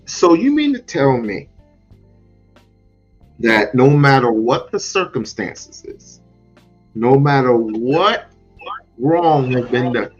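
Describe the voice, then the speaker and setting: A man hosting a talk show with a halting, slow delivery and many restarts. His pitch swings widely. The sound is a little dull, with faint music behind him. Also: very animated, husky. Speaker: host. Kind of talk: casual chat.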